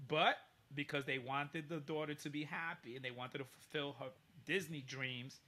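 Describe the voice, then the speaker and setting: A man telling a story in casual chat, animated and profane, often laughing mid-sentence. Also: fairly high pitch, moderate pace, hardly any pauses. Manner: animated, profane, laughs through his stories.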